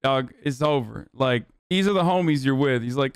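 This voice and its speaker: A man's voice: medium pitch, normal speed, clear, resonant tone, no room sound, clean studio sound. A man hosting a livestream, giving loose, profane, chatty reaction commentary. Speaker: livestream host.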